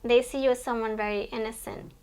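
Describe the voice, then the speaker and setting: A woman with a slightly high voice gives a casual tarot reading straight to camera. She talks in a chatty, rambling way, correcting herself and laughing at her own cards as she goes. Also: steady tone, fast, darkish tone. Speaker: tarot reader.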